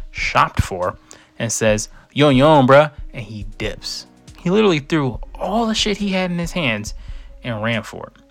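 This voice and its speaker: A young man spins a first-person story in a relaxed, conversational voice of middle pitch, lifting and dropping it as he acts out what people said. Soft music plays faintly underneath. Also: creaky. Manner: casual, conversational with dramatic quoted asides.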